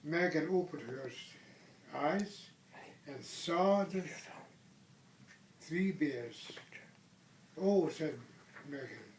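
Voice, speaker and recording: An older man, a grandfather, gently reading a bedtime story aloud at home and asking the child questions. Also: on the high side, very slow, long pauses, slight background noise. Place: room at home. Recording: echoey room from a distance.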